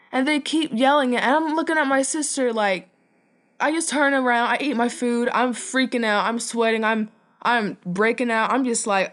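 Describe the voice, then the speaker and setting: A young woman telling a personal story in a chatty, animated way, laughing now and then. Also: on the high side, moderate pace.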